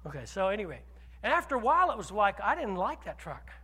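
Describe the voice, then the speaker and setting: A man preaching a sermon as pastor, telling a personal story with animated swings from loud declarations to hushed asides. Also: high voice, fast talker, slightly rough, big-room sound.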